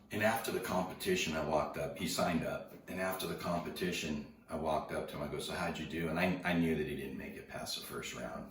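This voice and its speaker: A man's voice: very deep voice, quick pace, slight background noise. A middle-aged man casually telling a story in laid-back surfer slang, acting out the dialogue. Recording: roomy, distant mic, faint ambience.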